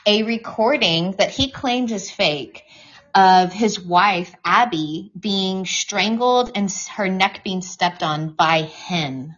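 A woman guest on a podcast, talking casually in an animated, outspoken way with plenty of profanity, in a dull lo-fi recording. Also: medium pitch, slow, hardly any pauses. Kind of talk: casual conversation.

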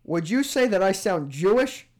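A young man, fairly high-voiced for a man, hosts a loose podcast chat with his friends. He talks in an animated way and laughs often. He pushes back on their teasing with good humor. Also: moderate pace. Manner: animated, laughing, defensive banter. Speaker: podcast host. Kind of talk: casual chat among friends.

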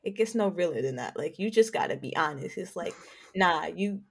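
A woman's voice: lowish voice, expressive, fast, vocal fry, darkish tone, a little hiss or hum. A woman co-hosting a casual podcast chat, blunt and joking, and she often breaks into laughter. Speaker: podcast co-host.

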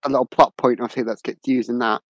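Hesitant podcast co-host. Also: male voice, medium pitch, steady tone, fast, dry recording, low-quality recording. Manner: hesitant, fillers and restarts, blunt opinions. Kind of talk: casual film review chat. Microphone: podcast mic.

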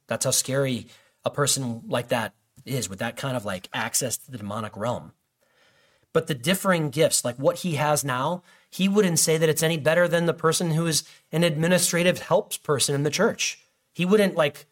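A man's voice: fairly high pitch, normal speed. Casual rambling male preacher. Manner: conversational, rambling with restarts and fillers. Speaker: pastor. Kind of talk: sermon.

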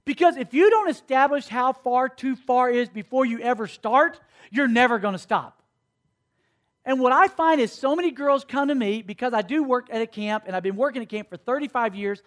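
A man in his fifties, a camp speaker, giving an animated, conversational sermon to young people and often checking that they are following. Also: extremely high pitch, moderate pace. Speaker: camp speaker teaching students. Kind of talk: sermon-style teaching to a youth audience.

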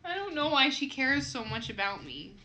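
A woman's voice: sits high, big pitch swings, normal speed, pushed and bright. A young Midwestern American woman co-hosting a podcast, chatting casually and laughing often. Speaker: podcast co-host. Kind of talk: casual chat. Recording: echoey room with faint noise.

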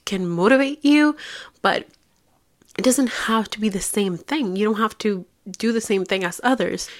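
A woman's voice: medium pitch, a bit bright. A woman therapist hosting a casual solo podcast, chatty and lighthearted with small jokes.

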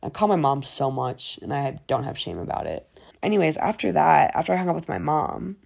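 A woman's voice: deep voice, big pitch swings, fairly quick, creaky, a little mellow. A young woman in casual diary-style chat, rambling with lots of fillers and frequent swearing. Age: young adult. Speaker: vlogger.

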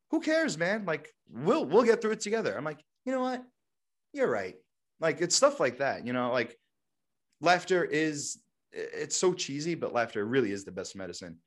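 A young man chatting casually on a podcast in a middle-pitched voice. He rambles, piling on filler words. He keeps it loose and conversational. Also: fairly bright tone. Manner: rambling, heavy with fillers like "like" and "you know". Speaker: podcast co-host. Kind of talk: casual chat.

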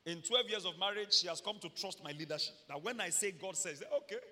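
A Nigerian man preaching a sermon as pastor, animated, shouting at peaks and slipping in humorous stories. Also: sits high, a little fast, big-room sound.

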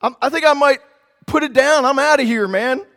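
Male pastor, lively storytelling sermon, acts out the characters, high voice, long church-hall reverb. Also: moderate pace.

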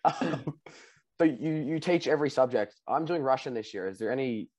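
A young man with an Australian accent, hosting a podcast in casual chat and teasing his friends with quick questions. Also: medium pitch, expressive, darkish tone, low-quality recording. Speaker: podcast host.

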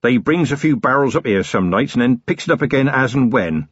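A wheezy, sly pub landlord and former copper, put on by a male narrator, who grumbles in a coarse voice. The voice is husky and lively, recorded dry on a close mic, and the audiobook sounds slightly dull. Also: medium pitch, a little fast, no room sound. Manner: coarse, grumbling working-class talk. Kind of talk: audiobook character reading.

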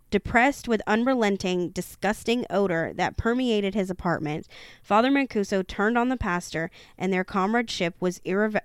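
A woman reads a haunted-house book aloud at an even storytelling pace. Her voice is smooth and clean, sitting in the middle of the range. The sound is dry, with no room around it, and she sometimes stumbles on a word and goes back over it. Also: mid-range voice, dry recording. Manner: steady storytelling with occasional stumbles and self-corrections. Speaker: reader of a true-haunting book. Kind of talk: reading a horror book aloud.

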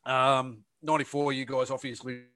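A man's voice: medium pitch, little pitch movement, normal speed, fairly bright tone. A man co-hosting a sports podcast, asking long questions with hesitant ums. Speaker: podcast co-host. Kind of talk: interview questions.

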